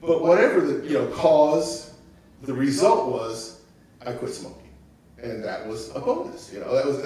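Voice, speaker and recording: Calm man in his sixties, echoey hall. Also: medium pitch, slight background noise. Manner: calm, reflective storytelling. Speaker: guest speaker. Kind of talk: personal testimony. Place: church sanctuary. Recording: very echoey room, mic at a distance.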